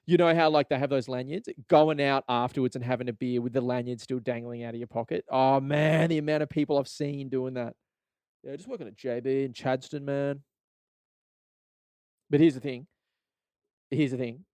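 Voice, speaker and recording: At a moderate pace and medium pitch, a young man from Australia hosts a solo podcast, ranting casually in a profane, rambling, animated way and laughing often. The tone is clean, with no echo.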